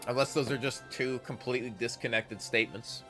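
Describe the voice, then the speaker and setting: A man's voice: mid-range voice, steady tone, a little fast, pushed and bright, faint music behind. A man streaming a game, reading its text aloud and rambling casually with his chat, correcting himself as he goes.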